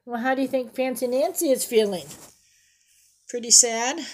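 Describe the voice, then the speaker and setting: A woman's voice: fairly high pitch, measured pace, darkish tone. A woman reading a picture book aloud to children, stopping often to ask about the pictures and explain fancy words. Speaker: storybook reader.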